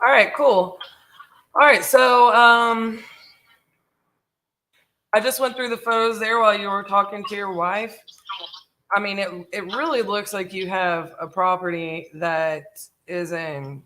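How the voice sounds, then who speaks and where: Bright Southern woman on a sales call. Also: mid-range voice, steady tone, measured pace, pauses often. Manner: friendly, affirming, mirrors the caller. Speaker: real estate investor, host.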